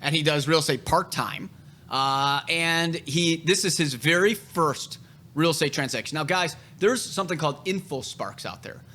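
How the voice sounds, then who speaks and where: A man's voice: on the high side, fairly bright tone. A man hosting a casual podcast chat, telling real estate stories in a blunt, profane way.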